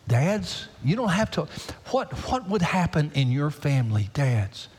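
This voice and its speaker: Man, pastor, sermon, husky voice, fairly high pitch, long hall reverb. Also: very animated, unhurried. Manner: swings from loud high pleading to hushed near-whispers.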